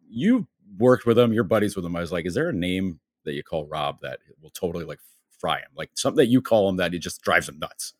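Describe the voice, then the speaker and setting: Podcast guest, a male sports writer with a Western New York accent, deep voice, dry close sound, rambling anecdotes. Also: no room sound. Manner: rambling anecdotes, many fillers and acted-out quotes. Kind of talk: casual storytelling on a podcast.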